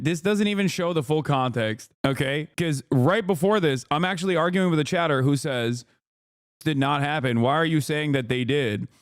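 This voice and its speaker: A man's voice: on the high side, dry recording, studio quality. A man streaming live, reacting to clips with sarcastic, mock-outraged asides and rambling restarts. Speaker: political streamer.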